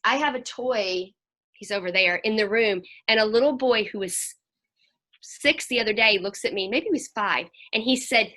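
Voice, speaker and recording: A woman counselor talking to a group over a video call, telling lively stories and acting out what children said. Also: medium pitch, normal speed. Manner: animated storyteller, acts out children's voices.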